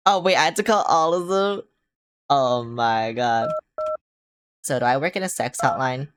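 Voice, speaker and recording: A woman's voice: a bass voice, normal speed, soft background music. A woman streamer playing a game, making casual, joking remarks with swearing and laughing asides. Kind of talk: casual let's-play commentary.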